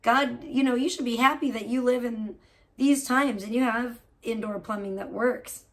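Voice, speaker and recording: A woman's voice: fairly high pitch, fairly even intonation, moderate pace. A woman hosting a livestream and chatting casually with viewers, outspoken and blunt, with a child of her own. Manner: outspoken, swears freely, reacts with loud disgust; chatty, full of fillers and questions to chat. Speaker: livestream host; parent of a young child. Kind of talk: casual chat reacting to viewers' messages.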